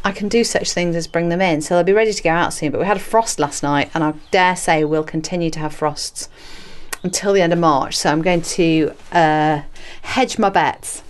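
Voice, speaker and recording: A woman hosting a gardening podcast from her greenhouse, chatty and self-mocking with playful asides. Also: lowish voice. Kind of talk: casual gardening podcast chat. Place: garden and small greenhouse, outdoors.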